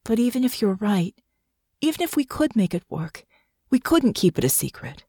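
A young soldier woman with a secret, voiced by a woman reading aloud talks in a sharp, commanding but weary way. Her pitch sits above the narrator's own. The recording is dry and close. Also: sing-song, moderate pace, slightly rough, no echo. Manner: sharp and commanding, tired and soft.

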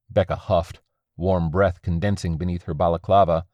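A man narrating a story in a measured, expressive audiobook style. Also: sits low, no room sound.

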